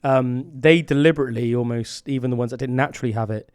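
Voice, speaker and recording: A man's voice: mid-range voice, steady tone, quick pace, darkish tone, smooth, no room sound, studio quality. A man co-hosting a podcast in casual chat, rambling with many fillers and restarts. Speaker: podcast co-host.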